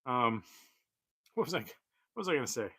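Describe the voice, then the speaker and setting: A man's voice: mid-range voice, very animated, a little fast, bright, forceful tone, slightly rough, no echo. A man in his forties chatting casually on his own livestream, rambling with lots of fillers and frequent chuckles. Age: 40s. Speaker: toy collector streamer.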